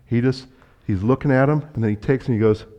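A man preaching a sermon as a pastor, telling stories in a conversational way and acting out dialogue with sudden loud bursts. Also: mid-range voice, fast talker, muffled recording. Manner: conversational, speaks directly to the congregation.

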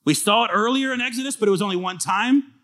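A pastor preaching a sermon in a lively, conversational way, often asking the listeners questions. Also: male voice, high voice, fast talker. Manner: casual fillers and restarts.

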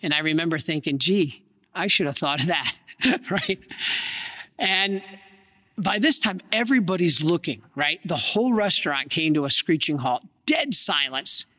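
A man, a priest, telling a story in a sermon with earnest, dramatic pauses. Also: fairly high pitch, expressive, sharp tone, in a large hall.

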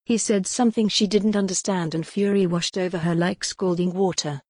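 A woman narrating a gothic novel in an even, steady storytelling voice. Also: on the low side, normal speed, husky, dry recording, clean studio sound. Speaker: audiobook narrator.

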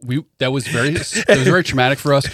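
Quick deadpan joking male co-host. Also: medium pitch, dry recording. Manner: deadpan teasing jokes. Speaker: podcast co-host. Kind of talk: casual banter.

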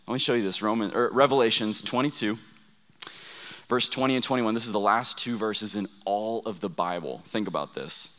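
A man's voice: on the low side, a little fast, fairly bright tone. A young man preaching to a student camp, telling stories in a conversational way and asking the room questions. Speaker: youth pastor. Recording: long reverb of a large hall.

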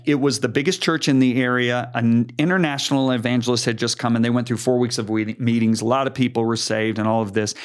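An older man, a preacher, earnestly telling a story in conversation, animated and emphatic. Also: medium pitch. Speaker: guest preacher.

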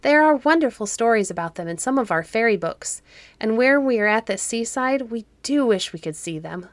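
A woman's voice: expressive, normal speed, no room sound, lightly acted. A woman reading a storybook who voices eager young children in a raised, pleading voice. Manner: eager and pleading, pitched higher.

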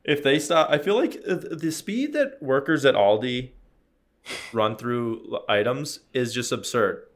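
A man's voice: mid-range voice, measured pace. A young man in casual chat, telling stories animatedly and acting out the people in them. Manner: animated storyteller, acts out beeps and quotes.

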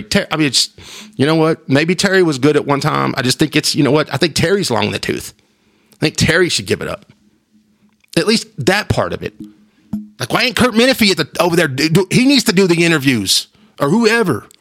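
A man hosts his own podcast, rambling through casual chat in an animated way and restarting himself frequently. His voice is a little high and a little fast, with vocal fry.

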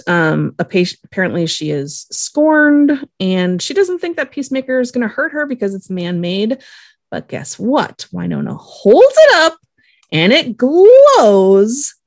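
A woman's voice: medium pitch, sing-song, a little slow, vocal fry, dry recording, clean studio sound. A woman co-hosting a casual recap podcast. She retells scenes with many "like" fillers and wry asides. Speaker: podcast co-host recapping a TV episode. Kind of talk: casual chat.

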